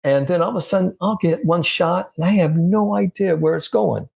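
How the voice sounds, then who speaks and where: A man's voice: sits high, moderate pace, gravelly, a little mellow, voice pushed up. A frustrated pro golfer, as a man puts him on in a raised, lifted voice. He swears in blunt British slang and sounds exasperated over a game that keeps going wrong.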